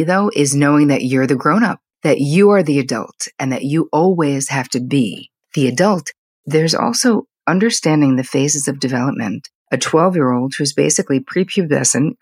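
An older woman with a husky, slightly breathy voice talks candidly, like a therapist sharing stories from her own family. She speaks in quick, animated bursts. The sound is dry and close, with no room around it. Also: rumbling low, dry recording. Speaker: psychotherapist, podcast guest. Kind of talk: conversational interview storytelling.

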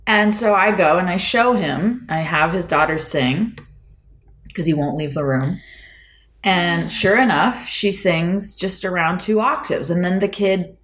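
A woman in casual podcast chat, telling a personal story in an animated way and laughing often. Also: fairly low pitch, measured pace. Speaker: podcast co-host; piano teacher.

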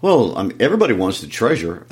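A man in a casual book discussion, animated and chuckling as he talks. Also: lowish voice, quick pace.

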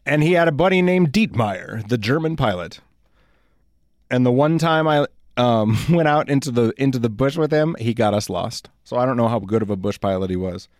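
Midwest dude rambling on his podcast, jokey and self-deprecating, pretty average pitch. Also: lively intonation, normal speed, no echo, studio quality. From South Dakota, USA. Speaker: podcast host. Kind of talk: casual solo podcast talk.

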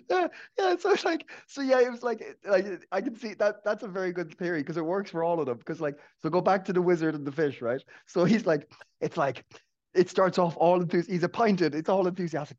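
Higher-voiced man, laughing chatty co-host. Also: lively intonation, brisk, darkish tone, dull audio. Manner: joking, laughs often, many restarts. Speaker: podcast co-host. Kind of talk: casual podcast chat.

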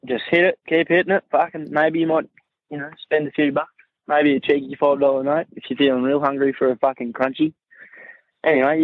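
A man's voice: on the high side, no echo. A man with an Australian accent leaving a rowdy, swearing voice message for a podcast. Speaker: listener voice message. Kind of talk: casual voice message. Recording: dry tinny phone recording.

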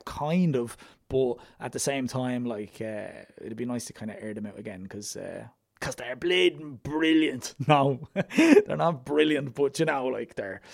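A man's voice: medium pitch, creaky, darkish tone. A young Irish man hosting a folk music podcast, chatting in a loose, rambling and self-deprecating way with plenty of fillers. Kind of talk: casual podcast sign-off.

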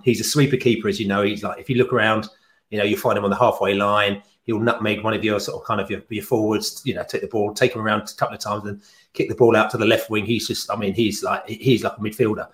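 A man talks casually as a podcast guest, low in pitch. He rambles from point to point with plenty of fillers and restarts. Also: a bit bright. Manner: chatty and rambling, with frequent fillers and quick laughs.

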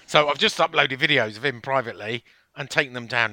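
A man hosting a casual football podcast, telling stories in an animated, defensive way. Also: medium pitch, quick pace. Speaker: podcast host.

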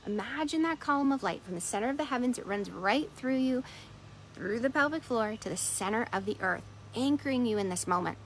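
A middle-aged woman coach telling a parable, expressive with soft hushed moments. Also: a little high, brisk, a little hiss or hum, poor audio. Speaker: wellness coach. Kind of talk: storytelling talk.

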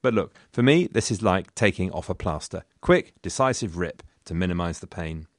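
A man's voice: low voice, expressive, normal speed, dry recording. A man hosting a history podcast, telling the story in a wry, conversational way with dry asides. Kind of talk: scripted history narration.

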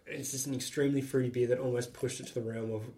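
A man co-hosting a casual podcast, talking in an animated, joking way. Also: medium pitch, fast talker. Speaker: podcast co-host. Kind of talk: casual chat.

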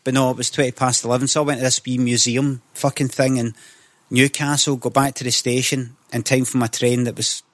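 Scottish man, animated sweary storyteller, middle pitch, dry close sound. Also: fairly quick, no room sound. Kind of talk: casual storytelling.

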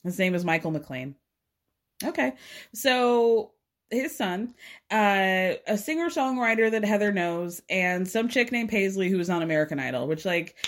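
A woman hosting a podcast, recapping a show in a chatty, sarcastic way with frequent laughs. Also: mid-range voice. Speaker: podcast host. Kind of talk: casual recap chat.

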